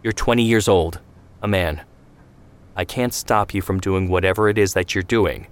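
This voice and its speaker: A man's voice: deep voice, steady tone, normal speed, smooth, natural voice. A man voicing a stern, weary father. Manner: stern, proverb-quoting.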